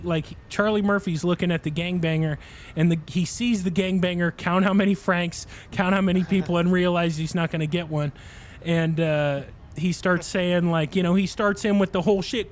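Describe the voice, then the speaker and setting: A male game streamer on a livestream, with a slightly high speaking voice. He rambles cheerfully through a story and laughs often as he talks. A faint hum sits behind his voice. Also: fairly even intonation, normal speed, few pauses. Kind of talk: casual chat while livestreaming a game.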